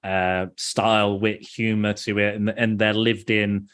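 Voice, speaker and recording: A man's voice: lowish voice, flat delivery, unhurried, fairly bright tone. A man hosting a podcast, chatting casually about films in a rambling way with frequent restarts and easy laughter. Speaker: podcast host. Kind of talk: casual film chat.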